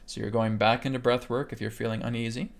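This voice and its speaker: A man with a gravelly voice leads a live online lesson, steadily talking listeners through breath work. He speaks in an even, flat tone and keeps checking in with "okay?" as he guides them step by step. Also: mid-range voice, quick pace. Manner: calm guiding delivery, keeps checking in with "okay?". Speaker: meditation instructor. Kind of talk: live webcast teaching a healing technique.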